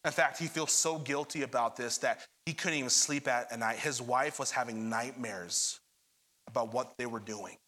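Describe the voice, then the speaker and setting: A man's voice: mid-range voice, steady tone, moderate pace, sharp tone. A young adult man preaching a sermon, addressing the congregation directly and retelling scripture with dramatic energy. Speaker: pastor.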